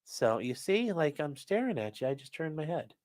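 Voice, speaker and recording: A man's voice: fairly high pitch, big pitch swings, normal speed, a little mellow, dry recording, studio quality. A young man, a streamer and trial lawyer, chatting casually on a live stream, rambling, swearing and reading chat aloud.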